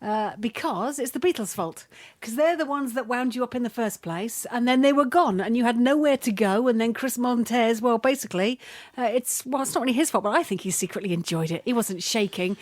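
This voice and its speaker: A woman's voice: fairly high pitch, expressive, a little fast, no room sound. Easygoing British woman on radio panel. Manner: easygoing, hesitant with fillers. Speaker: radio co-presenter giving verdicts. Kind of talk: casual studio banter. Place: radio studio.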